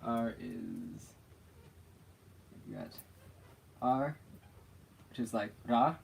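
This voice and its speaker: A man leads a laid-back livestream lesson on a made-up alphabet, speaking very slowly. He is playful and laughs easily between letters. Faint background noise sits under his voice. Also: lowish voice, huge pitch swings, creaky, darkish tone. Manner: slow, playful, often laughing. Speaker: teacher of an invented alphabet.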